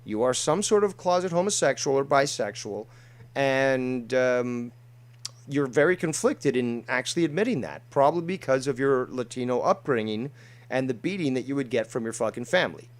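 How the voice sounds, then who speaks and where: A man's voice: medium pitch, animated, moderate pace. A man co-hosting a livestream over an online call, lecturing and ranting in a contemptuous, profane way. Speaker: co-host.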